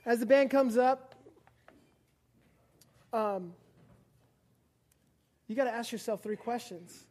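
Young woman preacher, kinda high voice, super casual and jokey, laughs a lot, acts stuff out for the church crowd. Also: takes it slowly, dark tone. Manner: chatty and playful, laughs often, fillers, acts out scenes. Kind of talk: casual youth sermon. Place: church service before a live congregation.

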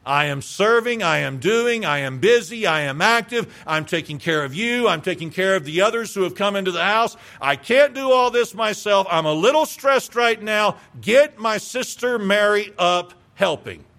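A man's voice: high-pitched, a little slow, sharp tone, full character voice. A man voicing a busy, stressed woman host, hurriedly listing her chores in exasperation. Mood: exasperated.

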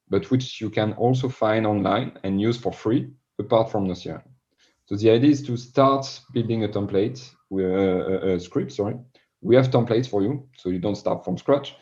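Casting: French-accented man, podcast guest, low and mellow, earnest, dull lo-fi audio. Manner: earnest, repeats words when explaining. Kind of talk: podcast interview.

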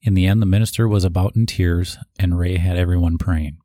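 Man, very low voice, dark tone, dry close sound, reading tributes, adds asides. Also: fairly even intonation, fairly quick, dry recording. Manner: reads aloud, with asides and restarts. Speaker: eulogy reader.

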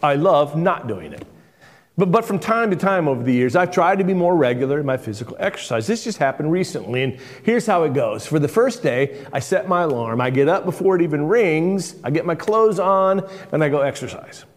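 A man's voice: fairly high pitch, expressive, fairly quick. Man preaching in a reverberant hall. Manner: conversational storytelling, repeats words for emphasis. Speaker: lead pastor. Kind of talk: sermon.

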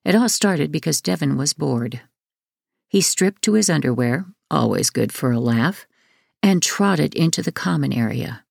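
A woman reads a memoir aloud in a measured, even way. Her voice is low and gravelly. The sound is dry and close to the mic. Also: no room sound. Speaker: audiobook narrator. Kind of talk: scripted memoir narration.

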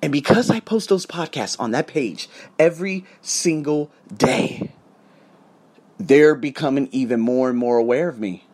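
A man tutoring and podcasting, talking in a casual vlog monologue and telling punchy, profane stories with quoted dialogue acted out. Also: unhurried. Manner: animated storytelling with acted-out quotes; profane and punchy, repeats "boom".

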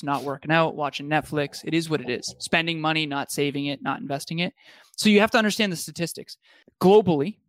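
A man's voice: fairly high pitch, fairly bright tone, dry recording. A man co-hosting a motivational talk show, earnest and reflective, often restarting his sentences. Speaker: podcast co-host.

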